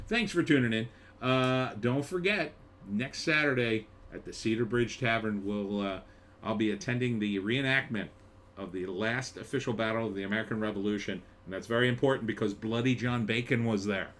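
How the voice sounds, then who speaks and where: A man's voice: lowish voice, a bit bright, a little hiss or hum. A middle-aged man, hosting a podcast news roundup with chatty, offhand asides. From South Jersey. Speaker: podcast host. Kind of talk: casual news roundup chat.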